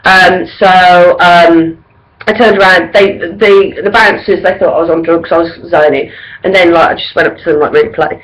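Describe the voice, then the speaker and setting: A woman's voice: lowish voice, fairly even intonation, moderate pace, rough recording. Woman, 30s, vlogger, effusive and rambling, casual to-camera delivery full of fillers. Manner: gushing and rambling, full of ums and likes. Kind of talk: casual to-camera gig review.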